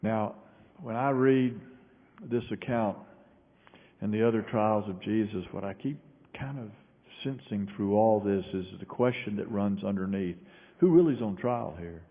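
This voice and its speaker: A male pastor preaching a sermon, telling a story and shifting between raised bursts and quiet low passages. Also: measured pace. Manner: storytelling with sudden raised quoted shouts and quiet drops. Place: large church sanctuary. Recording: echoey hall on a tinny phone-like line.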